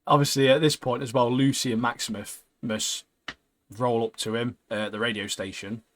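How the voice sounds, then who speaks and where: A man chatting on a podcast, lively and easygoing as he retells an episode. His voice sits in a middle register and he often drops a friendly "mate". He laughs readily while keeping things casual. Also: mid-range voice, moderate pace, slight background noise. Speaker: podcast co-host. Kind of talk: casual chat recapping a TV episode.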